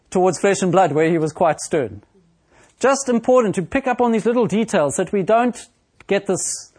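Man, preacher, slightly high-pitched, slow and deliberate, expository sermon, fillers and pauses. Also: a little mellow.

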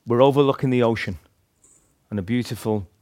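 A Northern Irish man recounts a personal story to a gathered group, his voice sitting at an ordinary middle pitch. He talks casually and rambles, circling back with restarts and filler words as he goes. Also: fairly quick, darkish tone. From Northern Ireland. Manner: chatty, rambling, lots of restarts and "like". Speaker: speaker sharing a testimony.

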